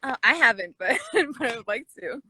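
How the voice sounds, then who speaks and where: A woman's voice: a little high, lively intonation, fairly quick, pushed and bright, slightly rough, no room sound. A woman joining a casual livestream as a guest musician, laid-back and laughing as she rambles. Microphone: phone video stream.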